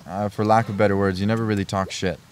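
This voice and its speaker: A man's voice: lowish voice, flat delivery, fast, slight background noise. A young man speaking earnestly as a guest on a family podcast, rambling and often restarting his sentences. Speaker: podcast guest, host's son. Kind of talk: casual family podcast chat.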